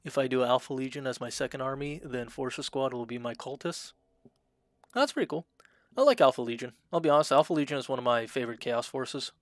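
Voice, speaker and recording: A man casually commenting while streaming a video game, talking in a fairly monotone way and reading the game's options aloud. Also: medium pitch, fairly quick, dry recording. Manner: self-described monotone, dry delivery.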